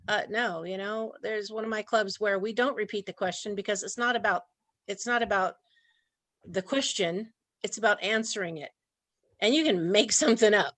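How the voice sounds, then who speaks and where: A woman's voice: mid-range voice, moderate pace, fairly bright tone, no echo. A woman presenting an online training talk in a chatty way, laughing often. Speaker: workshop presenter.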